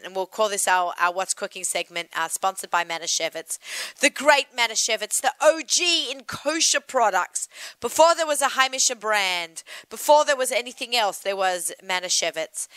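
A woman's voice: mid-range voice, sharp tone, smooth, dry recording. A woman with an Australian accent hosting a food radio show in a chatty, enthusiastic way. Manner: chatty, enthusiastic, quick asides. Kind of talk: casual radio chat.

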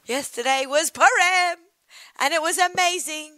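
Bright Australian woman hosting radio. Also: medium pitch, soft background music. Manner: chatty, enthusiastic, quick asides. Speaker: radio show host. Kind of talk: casual radio chat.

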